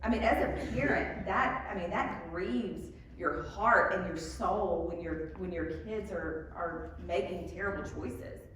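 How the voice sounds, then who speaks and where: A woman's voice: fairly low pitch, a little slow, few pauses, fairly bright tone, a little hiss or hum. A woman giving a candid faith talk to a live group, self-deprecating, with frequent ums and small laughs. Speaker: speaker at a church evening talk. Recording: echoey hall from a distance.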